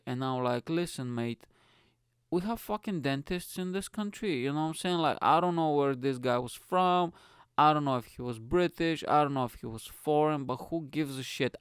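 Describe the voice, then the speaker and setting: A young man rants through a casual solo podcast, blunt, profane and rambling from one thought to the next. His voice has a gravelly, fried texture, recorded close and completely dry. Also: medium pitch, no echo. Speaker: podcast host.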